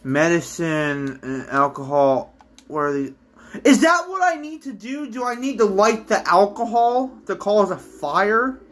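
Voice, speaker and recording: A woman giving let's-play commentary, excitable, swinging from low mutters to shrieks and screams. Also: unhurried. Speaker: gamer.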